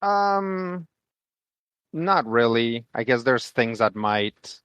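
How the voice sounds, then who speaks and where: A man's voice: medium pitch, very animated, very slow, a bit bright, clean tone, no echo, muffled recording. A man playing in a tabletop game, talking casually and hedging his words with "like". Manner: hedging, lots of "like". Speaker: player.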